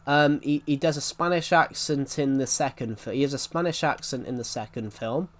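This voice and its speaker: Man, mid-pitched, casual game commentary host, rambling, self-correcting. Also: moderate pace. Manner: rambling, repeats and corrects himself often. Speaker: gaming channel host.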